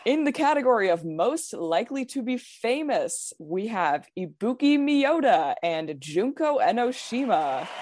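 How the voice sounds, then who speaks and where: A woman's voice: a little high, very animated, darkish tone, slight background noise. Woman in a grand announcer voice. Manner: slow, grand, drawn-out announcing. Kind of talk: mock-dramatic announcer reading results.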